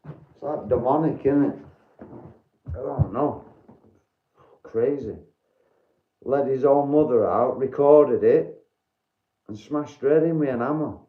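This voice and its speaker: Yorkshire man, livestream host, blunt and sweary with chat, mid pitch, roomy slightly muffled sound. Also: unhurried, long pauses. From Doncaster, Yorkshire, England. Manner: blunt, swears freely, chats to viewers by name. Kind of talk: casual livestream chat with viewers.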